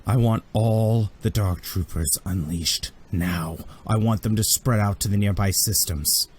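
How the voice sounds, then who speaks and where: A man voicing a ruthless, cold male alien admiral in a tabletop game, speaking slowly and menacingly. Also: lowish voice, a little mellow, a little hiss or hum, natural voice. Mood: furious. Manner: slow, cold and menacing, bursting into rage.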